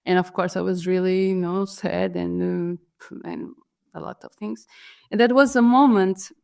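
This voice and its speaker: A Portuguese-accented woman, a guest artist whose first language is Portuguese, tells a personal story in an interview, pausing often, restarting and searching for English words. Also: lowish voice, steady tone, creaky, dark tone, smooth. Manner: hesitant, many fillers and restarts, searching for words.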